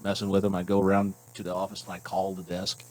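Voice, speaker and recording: A man co-hosting a podcast who tells prank stories in a casual, animated way and laughs often. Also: low-pitched, fast, a little hiss or hum, rough recording. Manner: animated storyteller, acts out voices, laughs often. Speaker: podcast co-host. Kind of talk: casual storytelling chat.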